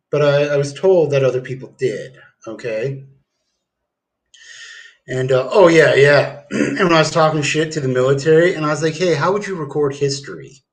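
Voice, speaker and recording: A man rambling and swearing through a meandering livestream monologue at home. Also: mid-range voice. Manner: rambling, profane, meandering with fillers.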